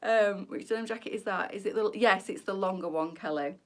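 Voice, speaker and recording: A woman's voice: mid-range voice, a little fast. A middle-aged woman, chatting casually through a live boutique sale, rambling and laughing often. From England. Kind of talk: chatty live-stream sales talk.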